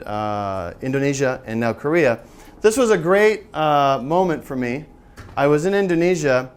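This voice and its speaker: A man's voice: on the high side, slight background noise. A middle-aged man giving a live teaching seminar to an audience, chatty and joking as he draws the room in. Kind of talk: live workshop presentation.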